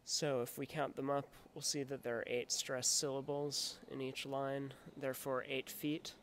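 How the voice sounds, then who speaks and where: A man teaching poetic meter in a steady explanatory way, sometimes reading verse aloud with exaggerated stresses. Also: medium pitch, measured pace, slight background noise. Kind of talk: recorded lecture on poetic meter.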